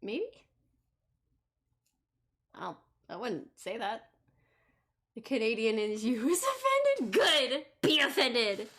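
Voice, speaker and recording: A woman's voice: a little high, sing-song, takes it slowly, pauses often, fairly bright tone, breathy edge. A woman streaming a game, chatting casually and joking in a playfully boastful way. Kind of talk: casual let's-play commentary.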